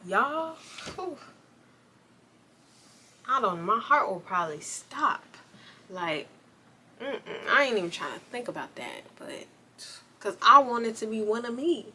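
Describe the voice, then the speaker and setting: A woman's voice: fairly high pitch, sing-song, unhurried, long pauses, sharp tone, breathy edge. A young woman reviewing a movie in casual, slangy chat, talking straight to her viewers. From United States.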